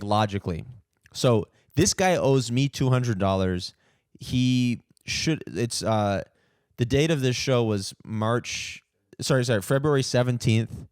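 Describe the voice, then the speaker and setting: A man's voice: on the low side, a little mellow, smooth, dry recording, clean studio sound. Indignant, stammering male comedian ranting. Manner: stammering restarts, profane, indignant. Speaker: comedian and podcast host. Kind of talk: ranting comic monologue.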